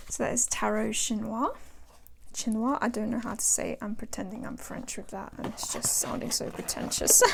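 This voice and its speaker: A woman's voice: mid-range voice, creaky, a little hiss or hum. A woman chatting casually as a tarot vlogger, rambling and laughing as she shows her decks. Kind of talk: casual show-and-tell chat. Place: home.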